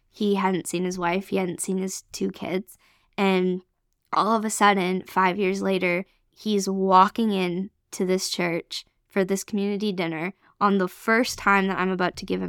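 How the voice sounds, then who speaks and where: A woman from Canada telling an emotional personal testimony as a podcast guest, earnest and excited. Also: mid-range voice, smooth, no room sound, studio quality. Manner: earnest, excited storytelling with many fillers.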